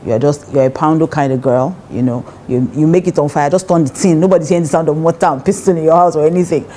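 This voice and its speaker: A woman's voice: sits low, quick pace, dark tone, a little hiss or hum. A woman with a Nigerian accent giving relationship advice in a casual, emphatic talk, often acting out the voices of people she quotes.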